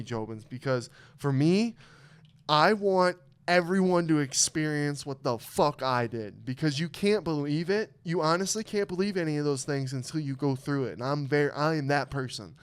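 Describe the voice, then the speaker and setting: A man's voice: on the high side, moderate pace, clean tone. A young man hosting a podcast, telling emotional personal stories in casual chat with lots of swearing. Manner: emotional storytelling, heavy swearing. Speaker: podcast host.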